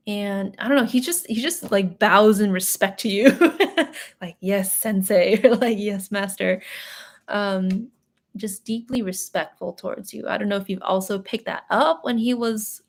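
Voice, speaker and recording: A young adult woman giving a live psychic reading in a chatty, emotional way, full of fillers and little laughs. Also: medium pitch. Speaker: tarot and psychic reader. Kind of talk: live reading, casual chat.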